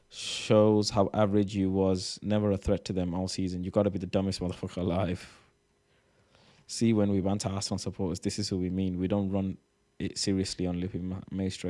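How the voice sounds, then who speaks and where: A man's voice: low-pitched, dark tone. A man giving casual reaction commentary, reading posts aloud, swearing and sounding exasperated. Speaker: reaction streamer.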